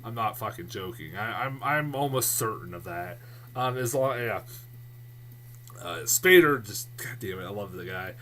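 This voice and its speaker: A man casually reviewing movies in a vlog, rambling and excitable, swearing a lot and restarting his sentences often. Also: fairly low pitch, normal speed, slight background noise. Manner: many fillers and restarts.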